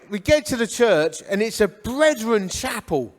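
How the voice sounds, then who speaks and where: A man's voice: sits high, very animated, measured pace. A man, telling his life story with humor and acting out the dialogue. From Hornchurch, England. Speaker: guest speaker. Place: church hall. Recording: echoey church hall.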